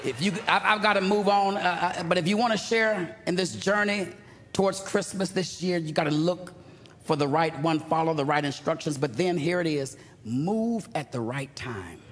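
A male pastor preaching a sermon, emphatic and rising to shouts with call-and-response to the congregation. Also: high voice, fairly even intonation, normal speed, noisy background. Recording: reverberant hall, faint ambience.

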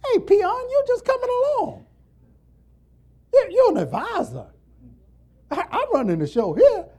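A man's voice: very high voice, huge pitch swings, unhurried, dark tone, pitched above the performer's own voice, full character voice. A man preacher voicing an arrogant male army general who brags and talks down to others. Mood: boastful. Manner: bragging, bossy, talking down.

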